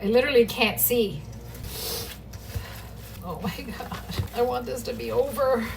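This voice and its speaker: A middle-aged woman chats away while she cooks, swearing freely and talking straight to the camera. Her voice comes from a phone on a tripod across the kitchen, a little distant and set against steady background noise. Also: fairly high pitch, measured pace, creaky. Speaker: home cooking vlogger. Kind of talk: casual kitchen vlog chat. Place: home kitchen.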